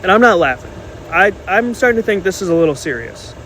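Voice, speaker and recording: A man casually telling a story to his phone camera, animated and indignant as he retells it. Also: high-pitched, fast talker, poor audio. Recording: faint background noise.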